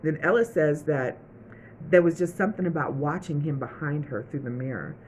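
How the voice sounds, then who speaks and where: A woman's voice: sits low, normal speed, a little mellow, a little hiss or hum, rough recording. A woman giving a casual, chatty recap of a TV episode, acting out the characters' lines as she goes. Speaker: TV show reviewer.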